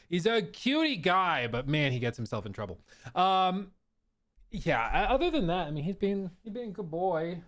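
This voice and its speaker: A man hosts a casual gaming livestream from his home room. His slightly high voice swings up and down in a lively way. He rambles, trips over his words and keeps breaking into self-mocking laughs. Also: unhurried, long pauses. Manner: rambling and giggly, with stumbles and self-deprecating laughs. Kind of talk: casual live-stream chat.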